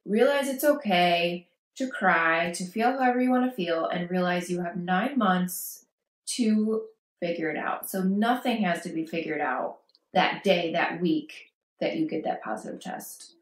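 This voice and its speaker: A woman's voice: on the low side, lively intonation, measured pace. A woman vlogging parenting advice, talking casually and reassuringly to camera and acting out worried quotes. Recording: echoey room.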